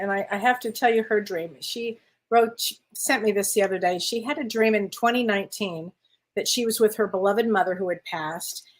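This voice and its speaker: Woman, co-host, slightly high voice, chatty storytelling, casual talk show.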